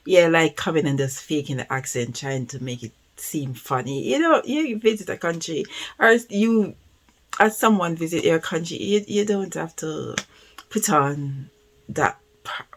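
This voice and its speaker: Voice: medium pitch, animated, a little slow, a bit bright. Chatty Jamaican reaction host. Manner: chatty, repeats "of course", laughs easily. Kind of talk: casual reaction commentary.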